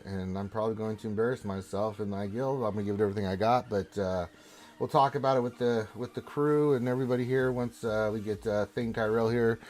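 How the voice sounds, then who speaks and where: A man hosting a gaming livestream, reading out viewer messages in a lively, jokey way, loud on greetings and quieter on asides. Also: medium pitch. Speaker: livestream host.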